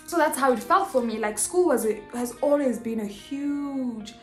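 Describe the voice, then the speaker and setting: A young woman telling a personal story in a casual vlog, animated and expressive, acting out the dialogue. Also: high voice, moderate pace. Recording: echoey room with faint music.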